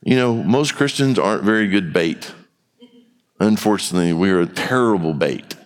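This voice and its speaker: A man's voice: low voice, animated, normal speed. A man preaching a sermon in a church, talking candidly and conversationally. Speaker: pastor. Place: church sanctuary. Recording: long hall reverb.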